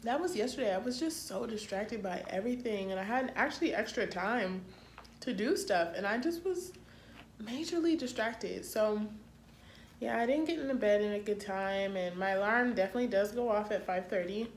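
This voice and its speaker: A young woman talking to her camera in a casual vlog, chatty and self-deprecating, with drawn-out excited exclamations. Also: medium pitch. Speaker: vlogger. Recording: echoey room with faint background noise.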